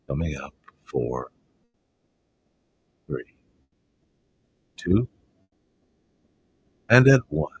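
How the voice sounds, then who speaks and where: Male hypnotist, very deep voice, accented, slow and soothing, faint background hiss. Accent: regional English accent. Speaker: hypnotist guest. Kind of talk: guided hypnosis induction.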